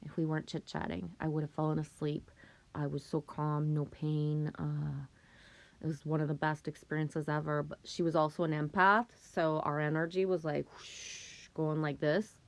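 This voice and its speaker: A woman's voice: low-pitched, little pitch movement, normal speed, no room sound. A woman, hosting a casual livestream, chatting with viewers and telling stories in a chatty way, swearing now and then. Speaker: livestream host reading chat.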